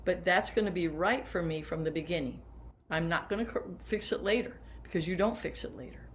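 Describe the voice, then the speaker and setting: A woman's voice: lowish voice, brisk, slight background noise. A woman in her seventies, a band teacher, sitting down and talking teachers through posture and breathing exercises step by step. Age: 70s. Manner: warm, hands-on, guiding listeners through exercises. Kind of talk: workshop lesson for teachers. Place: seated.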